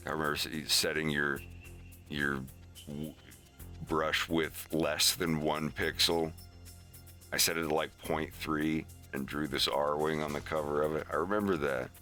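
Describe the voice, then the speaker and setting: A man streaming his animation work, chatting casually and rambling with halting restarts. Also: extremely low pitch, steady tone, bright, forceful tone, soft background music.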